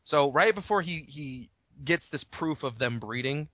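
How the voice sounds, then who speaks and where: With a voice on the high side, expressive and unhurried, a podcast co-host gives a rambling, casual recap of a book chapter, swearing and acting out characters' lines. The dull lo-fi home recording has no echo.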